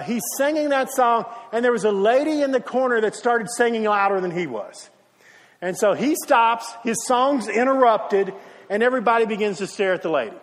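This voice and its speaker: A male pastor preaching a sermon, telling a story and acting out the quotes. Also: high-pitched. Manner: storytelling with acted quotes and brief singing. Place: church sanctuary. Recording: long hall reverb from a church.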